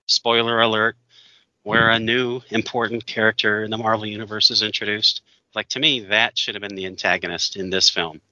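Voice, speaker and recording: A man's voice: on the low side, sharp tone, dry recording. A man co-hosting a casual chat, opinionated and rambling as he reviews a film, laughing often. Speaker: podcast co-host. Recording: dull dry lo-fi sound.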